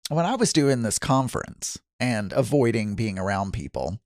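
Clean studio audio without echo captures a man from Arkansas reading listener messages on his casual solo podcast. His medium-pitched voice is animated and a little mellow, at a normal pace. Chatty and self-deprecating, he laughs and restarts frequently.

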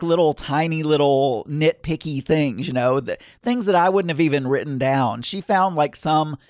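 A man's voice: on the high side, no echo, clean studio sound. A man casually telling a long personal anecdote in a rambling way, full of fillers and restarts.

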